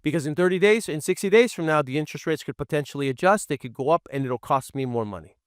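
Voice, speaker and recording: A man coaching real estate wholesalers, speaking bluntly and acting out his own lines to sellers in a lower, firmer voice. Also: quick pace, no room sound, clean studio sound. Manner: direct, blunt, role-plays scripted seller lines in a low firm voice. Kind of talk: training presentation.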